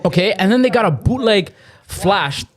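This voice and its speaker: A man's voice: sits high, moderate pace. A young man co-hosting a podcast, telling stories in casual chat with lots of slang and laughter. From Canada. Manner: animated, laughing, slangy storytelling. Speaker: podcast co-host.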